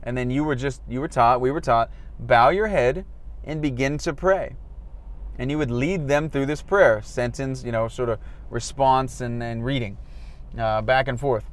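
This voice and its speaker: A man's voice: mid-range voice, normal speed. A man talking candidly in a car stuck in traffic, looking back on his days as a street evangelist and acting out the lines he used. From Florida, US. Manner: candid, self-deprecating, acts out quoted dialogue. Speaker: former evangelist recounting his past. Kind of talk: casual reflective monologue.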